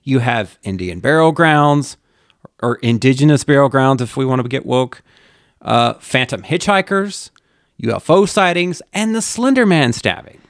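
A man's voice: medium pitch, expressive, moderate pace, no room sound, clean studio sound. A man co-hosting a podcast in casual comedic chat, going from crude jokes to mock-ominous storytelling. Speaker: podcast co-host.

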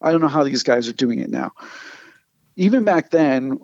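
A man, a comic artist, telling animated anecdotes in casual conversation and acting out the people he quotes. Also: medium pitch, normal speed, no room sound, dull audio. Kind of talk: casual storytelling.

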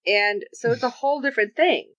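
A woman with a slightly high voice and a brisk pace chats casually as a podcast co-host about a TV episode. She's animated, acting out the characters' lines. The recording is dull and lo-fi, with no room sound.

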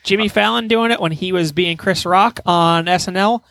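A man's voice: sits high, moderate pace, vocal fry, fairly bright tone. A man co-hosting a podcast, rambling and teasing, with casual swearing. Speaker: podcast co-host. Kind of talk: casual chat.

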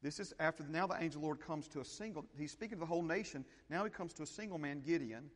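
A pastor delivers a sermon in an animated, conversational way, repeating himself and checking that his congregation follows along. His voice sits a bit high for a man. A long reverb trails each phrase, as in a large sanctuary. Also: quick pace. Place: church sanctuary.

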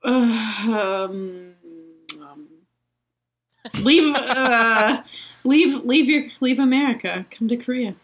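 A woman's voice: on the high side, extremely slow, pauses often, poor audio. A woman guest in a casual podcast chat, laid-back and laughing.

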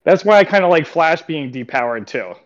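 A man's voice: on the high side, expressive, a little fast. A man with a slightly raised voice talks through a film review in loose, rambling sentences, leaning on fillers and restarting often. The sound is dull and lo-fi. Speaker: podcast co-host. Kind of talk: casual chat reviewing an animated film.

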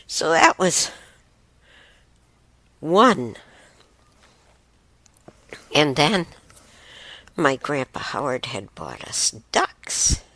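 Middle-aged woman, low voice, slow and rambling casual storyteller, dry close sound. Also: fairly bright tone, no room sound. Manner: unhurried, rambling with fillers and restarts. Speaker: host.

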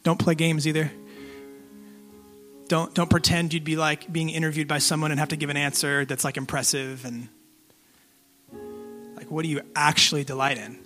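Male pastor, 30s, high-ish voice, casual conversational sermon over faint guitar. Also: flat delivery, bright, forceful tone. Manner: conversational, direct, asks questions, pauses to let listeners think.

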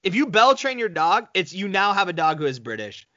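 A man's voice: high-pitched, fairly quick, dry recording, dull audio. A man co-hosting a podcast in casual chat, telling stories animatedly and slipping into voices. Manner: animated storyteller, slips into voices. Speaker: podcast co-host.

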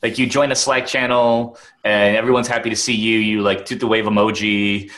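A man's voice: fairly low pitch, little pitch movement, brisk, fairly bright tone. A man from Wisconsin co-hosting a podcast, chatting casually with lots of "like". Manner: chatty, peppered with "like". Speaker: podcast co-host. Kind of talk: casual chat.

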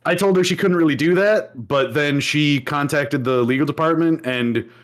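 A young man co-hosting a casual podcast, telling stories with lively swings into mocking voices. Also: a little high, normal speed. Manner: animated storyteller who swings into mocking voices. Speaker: podcast co-host. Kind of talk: casual chat.

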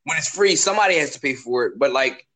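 A young man rambles through a casual podcast chat in loose slang, piling up questions and fillers. His voice sits in an ordinary middle pitch. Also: animated, fast talker, sharp tone, rough recording. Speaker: podcast co-host.

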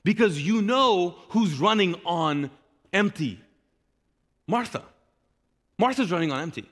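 A male pastor preaching live, his voice pitched high and bright. He talks with animation and plays out the people he quotes. The big church space gives his words a long reverb tail. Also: lively intonation, unhurried. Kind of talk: sermon. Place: large church.

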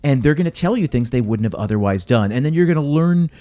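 A man's voice: medium pitch, fast talker. A man with a mid-range voice talks through his advice to restaurant managers with coaching energy. He often acts out little exchanges between guests and staff. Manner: energetic, coaching tone, quotes others. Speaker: restaurant consultant. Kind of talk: casual podcast conversation.

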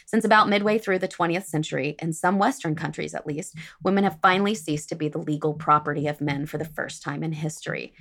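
A woman's voice: sits low, quick pace, hardly any pauses, a bit bright. A woman podcast host reading a prepared history segment with dry, sardonic asides.

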